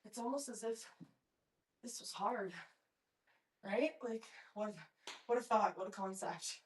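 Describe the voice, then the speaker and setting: Speaking at a measured pace in a medium pitch, a young pilates instructor talks her way through a mat workout, counting down reps and offering encouragement while audibly winded. She sounds a little distant from the microphone, with clear room echo and slight background noise.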